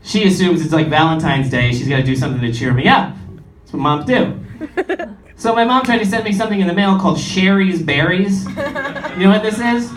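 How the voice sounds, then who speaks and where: Young male stand-up, mid-pitch, very animated; echoey club with a crowd. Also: brisk. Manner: animated, swinging between big highs and low asides. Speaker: stand-up comedian. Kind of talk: stand-up comedy set. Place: comedy club stage. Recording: roomy club, distant mic, audience. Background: audience laughter.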